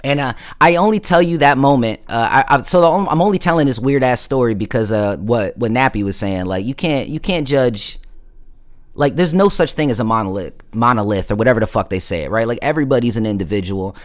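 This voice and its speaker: A man's voice: mid-range voice, expressive, brisk. A man hosting a casual late-night stream, telling a story in a slangy, rambling way, full of fillers and asides. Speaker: livestream host.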